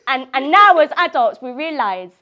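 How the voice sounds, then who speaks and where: A woman with a fairly high voice chats about her poetry in a loose group discussion. She is animated and playful, laughs a lot, and jumps between thoughts. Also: normal speed, highs cut off. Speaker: poet.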